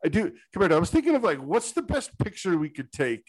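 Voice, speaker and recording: Excitable rambling man, dry close sound. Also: high voice, quick pace, no room sound, low-quality recording. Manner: rambling, excitable, goes off on tangents. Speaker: podcast co-host. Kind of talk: casual sports podcast chat.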